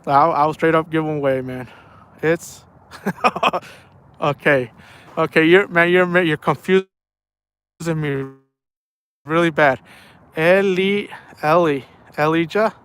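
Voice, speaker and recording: Man, young adult, fishing live stream, playful, slightly high voice, clean tone. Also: takes it slowly, pauses often, a bit bright, smooth. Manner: playful, laughs often, reads chat aloud. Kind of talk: casual live-stream chat. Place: outdoors at night by the water.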